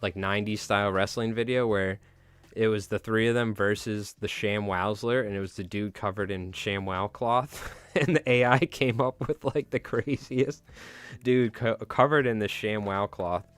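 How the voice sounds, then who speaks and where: A low-pitched man chats casually with his live chat, rambling and joking about himself. His voice is smooth and clear in a dry, close sound with faint music under it. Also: normal speed, dry recording. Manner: rambling, self-mocking, joking. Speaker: streamer tying flies live.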